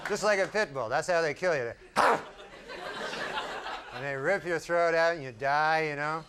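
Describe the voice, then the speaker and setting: A male stand-up comedian with an offhand, rambling, deadpan delivery, performing before a live audience. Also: a little high, moderate pace. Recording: loud audience laughter and room noise.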